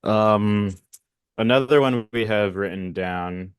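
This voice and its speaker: Low-voiced young man, laid-back podcast talk. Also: clear, resonant tone, no echo. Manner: laid-back, halting, repeats words. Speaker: podcast co-host. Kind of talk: casual film chat.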